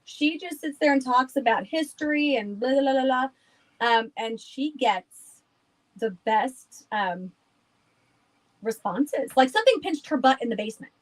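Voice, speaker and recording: Chatty woman, higher voice, rambling. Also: animated, a little slow, rough recording. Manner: chatty, rambling, laughs often. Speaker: guest, haunted house owner. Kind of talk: casual podcast chat.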